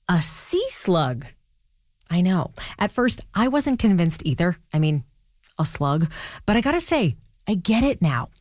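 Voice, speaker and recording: A woman's voice: fairly low pitch, darkish tone, dry recording, clean studio sound. A woman hosting a radio show, reading a scripted segment in a wry, conversational way.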